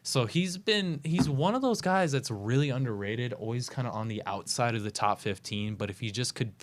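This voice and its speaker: A man's voice: medium pitch, moderate pace. A man co-hosting a casual sports betting show, breaking down upcoming fights with lots of restarts and "you know". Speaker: co-host giving fight picks.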